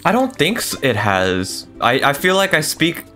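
Laid-back joking male streamer, lively pitch. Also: normal speed. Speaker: streamer and host. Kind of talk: casual gameplay chat. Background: game music.

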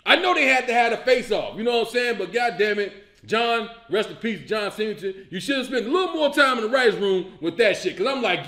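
A man with a high-pitched voice rants at full tilt, swearing and laughing in disbelief as he picks a movie apart. He comes from Illinois and hosts his own comedy show. His voice rings around an echoey room. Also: animated, fairly quick. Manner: loud, profane, incredulous ranting with laughs. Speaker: comedian host. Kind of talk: animated comedic movie rant.

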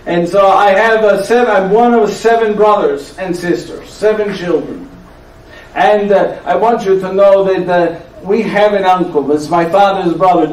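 Actor as an aging friar, weary but joking, Italian accent, high voice, teasing "yes?" asides, echoey church, mic far off. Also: male voice. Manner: teasing storyteller who keeps asking "yes?". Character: aging frail male friar, tired but playful joker. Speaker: actor performing a one-man show. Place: church hall before a live audience.

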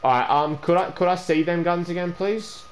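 A man's voice: high voice, normal speed, slight background noise. A young man, a gaming YouTuber, chatting casually during an online trade prank, stammering and repeating himself and calling the other player "bro" and "man".

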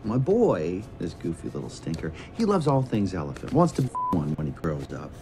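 Sly fox con artist, cartoon film, gravelly, drawling, background hiss. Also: male voice, deep voice, wildly swooping pitch, normal speed, exaggerated voice. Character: smooth-talking sly male fox hustler. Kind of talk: animated film dialogue.

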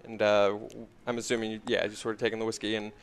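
A man narrating a tabletop game as game master, relaxed and full of fillers. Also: on the low side, fast, smooth.

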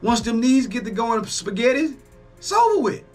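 A man hosting a reaction video, talking casually, excitable and profane, exclaiming often. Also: very high-pitched, normal speed, faint music behind.

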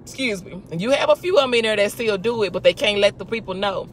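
A woman's voice: medium pitch, expressive, fast talker, slight background noise. A woman hosting a casual faith talk, emphatic and full of rhetorical questions. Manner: emphatic, rhetorical questions, talks back to imagined people. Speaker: host.

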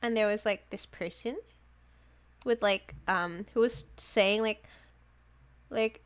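A woman's voice: medium pitch, a little slow, pauses often. A woman streaming a game live, chatting casually and giggling often, with lots of "like" fillers. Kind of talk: casual livestream chat while playing a game.

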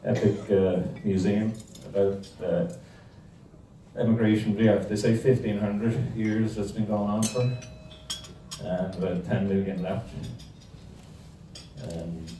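A man's voice: fairly low pitch, steady tone, slow pace, warm tone, slight background noise. A man giving a rambling, joking talk to a club audience. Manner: rambling, joking, many fillers. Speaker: guest speaker. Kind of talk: humorous storytelling talk. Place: club dining room. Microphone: distant room mic. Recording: echoey room from far off, faint clatter.

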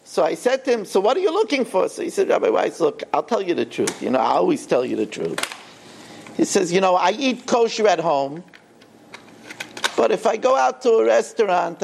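A man's voice: high voice, sing-song, normal speed, vocal fry, a little hiss or hum. An older man, a rabbi, telling a story in a sermon and acting out the quoted dialogue with animation.

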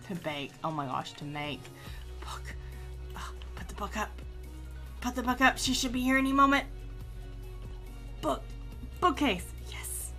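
A woman giving casual let's-play commentary, chatty and excitable, gushing and teasing herself as she plays. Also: mid-range voice. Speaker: gaming YouTuber.

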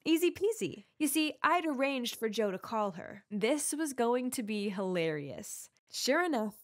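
A woman giving scripted first-person narration of an animated story in a confiding tone. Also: a little high, a little slow.

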